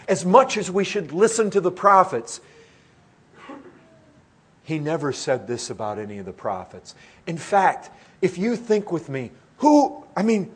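A middle-aged man preaching a sermon in an earnest way, his voice swelling loud and then dropping to a hush. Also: a little high, sing-song, a little slow, husky.

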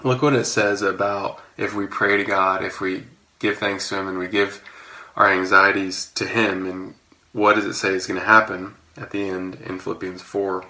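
A man, a father with a young daughter, preaching a sermon in a relaxed, conversational way and telling a story with everyday fillers. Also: sits low, normal speed. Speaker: pastor. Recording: echoey room.

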